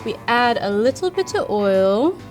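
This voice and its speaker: A woman's voice: fairly high pitch, big pitch swings, a little slow, soft background music. A woman putting on a chipper 1950s Minnesota housewife with an old-fashioned Minnesota accent, sweet and folksy, demonstrating a recipe in character. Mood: folksy, coy. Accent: put-on old-fashioned Minnesota. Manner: sweet, prim, folksy, with coy innuendo. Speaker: cooking show presenter in character. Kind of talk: comic character cooking demo.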